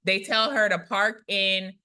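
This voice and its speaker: A woman who is a Christian prophetic speaker, retelling a testimony in a chatty, animated way, often tagging lines with "right?". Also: mid-range voice, a little slow, clean tone. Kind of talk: conversational storytelling testimony.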